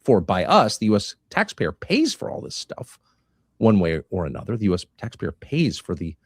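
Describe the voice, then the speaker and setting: A man giving political commentary in a measured way, posing rhetorical questions. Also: fairly low pitch, wildly swooping pitch, no room sound, studio quality. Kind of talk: played commentary clip.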